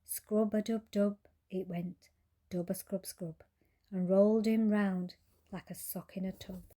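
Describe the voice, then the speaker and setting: Mellow woman reading a bedtime story. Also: mid-range voice, steady tone, measured pace. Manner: gentle, rhythmic rhyming delivery.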